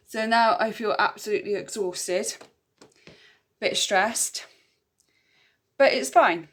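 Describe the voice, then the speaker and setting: Young woman, candid, talking to camera, mid pitch, faint sizzling behind. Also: slow, fairly bright tone, a little hiss or hum. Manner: chatty, candid, repeats herself. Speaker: vlogger. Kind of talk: casual chat to camera.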